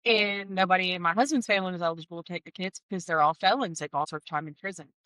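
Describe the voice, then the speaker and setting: A woman's voice: fairly low pitch, fast, pushed and bright, no room sound, poor audio. A woman telling her personal testimony as an interview guest, candid and heartfelt, with wry asides. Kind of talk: emotional personal storytelling.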